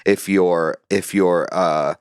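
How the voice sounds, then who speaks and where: A man hosting a casual podcast, speaking in a halting way with many fillers. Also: low-pitched, fairly even intonation, smooth, dry recording, studio quality. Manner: halting, lots of uhs. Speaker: podcast host reading the listener calls.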